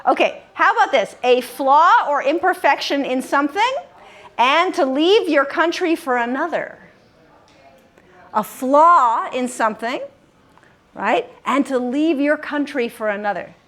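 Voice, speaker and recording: Female quiz host, high voice, slow and patient, gives clues and repeats answers to her group. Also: expressive, fairly bright tone. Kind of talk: leading a live word game. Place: common room of a senior-living community.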